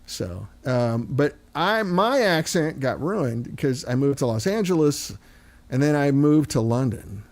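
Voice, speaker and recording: A man's voice: a little high, sing-song, a little slow. An American man from Missouri with a Midwestern accent, hosting a casual chat and telling long anecdotes. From Missouri, USA. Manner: chatty storyteller, acts out voices in anecdotes. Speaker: host.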